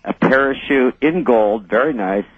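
A man's voice: mid-range voice, moderate pace, husky, no echo. A male caller from the American Midwest, talking on the phone in a sarcastic, joking way. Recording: tinny phone line.

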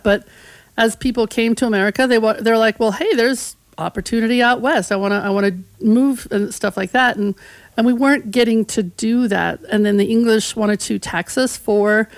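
A woman's voice: medium pitch, no room sound. A woman with a mid-range voice talks as a guest on a radio show. She tells history like a chatty story and acts out little voices as she goes, and the studio sound is close and dry. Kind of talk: casual radio chat.

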